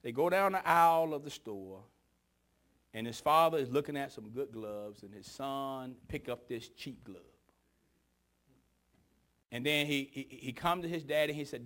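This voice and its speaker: A man preaching a sermon with dramatic storytelling, moving from hushed whispers to shouting. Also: on the high side, animated, normal speed.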